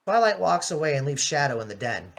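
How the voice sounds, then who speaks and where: A woman's voice: deep voice, sing-song, fairly quick, vocal fry. A woman narrating a fan voice-acting dub in a casual, matter-of-fact way. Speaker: narrator and voice actor.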